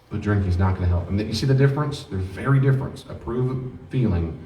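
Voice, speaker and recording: Deep-voiced man teaching in an echoey room. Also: expressive, quick pace, few pauses, warm tone. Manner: earnest, acts out short exchanges. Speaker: teacher of a grief class. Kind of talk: classroom lecture with role-play examples. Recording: echoey room, mic far off, faint noise.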